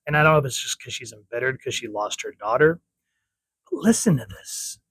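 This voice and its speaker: A man's voice: mid-range voice, animated, fairly quick, a bit bright, slightly rough, no room sound, rough recording. A man giving a casual comic book review, chatty and rambling, often correcting himself.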